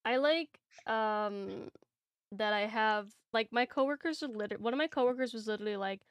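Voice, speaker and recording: A woman's voice: on the high side, moderate pace, smooth, dry recording. A woman co-hosting a casual podcast, talking in a rambling way with lots of fillers. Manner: rambling, filler-heavy, soft-spoken. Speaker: podcast co-host. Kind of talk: casual chat.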